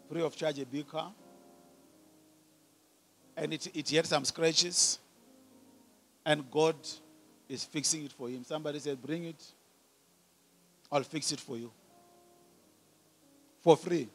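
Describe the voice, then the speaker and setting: A man preaching a sermon as pastor, asking the congregation questions and swelling from quiet teaching to loud calls. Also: fairly high pitch. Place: church hall.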